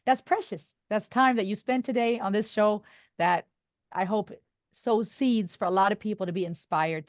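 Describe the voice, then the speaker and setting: A woman's voice: mid-range voice, dry recording, studio quality. A woman podcast host, a native German speaker, talking in an earnest, reflective way and laughing often during a casual interview.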